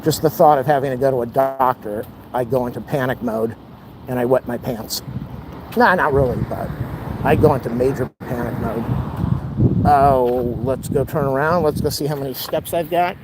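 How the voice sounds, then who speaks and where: A man's voice: medium pitch, moderate pace. Breathless man vlogging while walking uphill. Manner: chatty, rambling, exclaims often. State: out of breath, overheated. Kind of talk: casual walking vlog. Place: outdoors on a city street near an airport. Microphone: camera held while walking. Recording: outdoor street noise.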